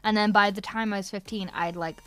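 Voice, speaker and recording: Young northern irish lady w/ a mixed irish-transatlantic accent, giggly and gushing, lots of ums and likes, crisp voice. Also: medium pitch, fairly even intonation, a little fast, faint music behind. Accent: Irish-transatlantic mix. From Northern Ireland. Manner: giggly, effusive, rambling with many fillers. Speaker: voice actress answering fan questions. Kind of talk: casual livestream Q&A.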